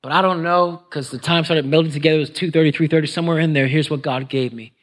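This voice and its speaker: A man's voice: a little high, steady tone, fast, a bit bright. A middle-aged male pastor preaching in a conversational style, dropping to whispers and groans for emphasis. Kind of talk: sermon.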